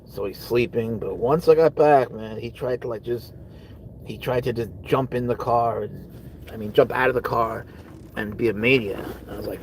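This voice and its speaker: A man's voice: mid-range voice, normal speed, a little hiss or hum, poor audio. A man hosting a casual livestream, rambling as he answers viewers' comments and trailing off into mutters, speaking from a parked car. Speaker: livestream host. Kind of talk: casual live chat with viewers.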